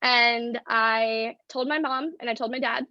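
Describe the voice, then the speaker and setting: A woman's voice: on the high side, fairly even intonation, measured pace, no room sound, dull audio. Candid young woman from the Northeast. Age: 20s. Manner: frank, personal, heavy use of "like" fillers. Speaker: guest. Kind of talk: candid storytelling in a podcast interview.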